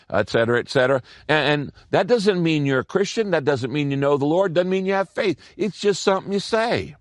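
A male pastor preaching a sermon with a lively, rising and falling voice. He pushes some phrases out in quick bursts and lingers on others. The sound is dry and close. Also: no room sound. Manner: expressive preaching with wide pitch swings and bursts of speed.

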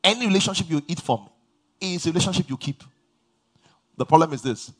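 A man's voice: a little high, a little fast. A man preaching a sermon to a large church congregation, emphatic and drawing responses from the crowd. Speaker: pastor.

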